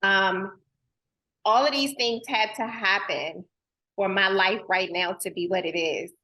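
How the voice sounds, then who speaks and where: A woman host with a mid-range, steady voice speaks a little slowly, with a sharp edge to her tone. She talks straight to her audience in a casual, heartfelt way, earnest and emotional, with folksy informal speech full of "girl" and "y'all."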